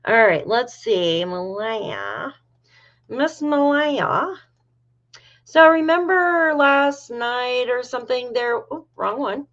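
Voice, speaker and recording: Middle-aged woman, casual livestream host, chatty, fairly high voice, dull lo-fi sound. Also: animated, slow pace, hardly any pauses, a bit bright. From New York. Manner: chatty, reads viewer comments aloud, laughs often.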